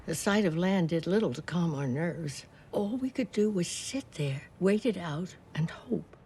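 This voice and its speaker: An actress playing an elderly woman who served as a nurse in a great war, recalling it softly and reflectively, sometimes dropping to a whisper. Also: on the low side, expressive, measured pace, slight background noise. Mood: somber. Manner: soft, reflective, drops to a whisper at times. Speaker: former wartime nurse recalling her past. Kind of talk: first-person docudrama narration.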